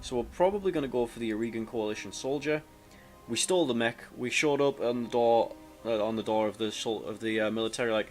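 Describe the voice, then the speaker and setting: Talking fast at a medium pitch, a male let's play commentator reads a game's story text aloud over faint music. His casual narration rambles, pokes fun at himself and keeps restarting.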